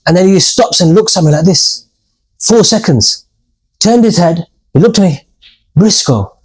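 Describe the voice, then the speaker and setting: Male podcast host, high voice, chatty storyteller. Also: normal speed, a little mellow, slightly rough, poor audio. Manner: chatty storyteller, addresses viewers as guys. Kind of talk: casual chat.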